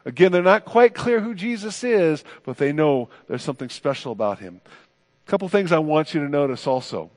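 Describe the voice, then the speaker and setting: A man preaching a sermon as pastor, expressive and lively, acting out the quoted voices. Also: fairly high pitch, a little fast, long reverb tail.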